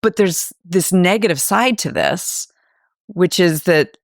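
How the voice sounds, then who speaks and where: Low gravelly woman talking candidly. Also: slow, no echo, studio quality. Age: 40s. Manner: thoughtful, opinionated, frequent "like". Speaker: podcast co-host. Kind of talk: casual discussion.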